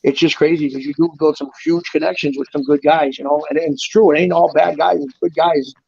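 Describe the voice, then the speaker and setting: Fast-talking rambling storyteller man, lo-fi. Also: fairly high pitch, steady tone, gravelly, husky. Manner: rambling storyteller, swears freely, acts out quotes loudly. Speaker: guest telling prison stories. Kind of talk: casual chat.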